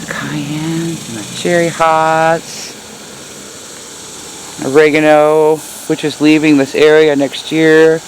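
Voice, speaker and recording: A woman's voice: deep voice, little pitch movement, takes it slowly, a little hiss or hum, low-quality recording. A woman giving a casual, chatty tour of her backyard garden in the heat, hot and sweaty and laughing at herself. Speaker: gardening vlogger.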